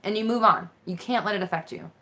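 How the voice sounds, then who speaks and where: A woman's voice: medium pitch, quick pace, pushed and bright. A woman hosting a live Q&A as a mindset coach, chatting casually into her phone, reacting to viewer comments with frequent laughter and casual swearing. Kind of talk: casual live-stream chat.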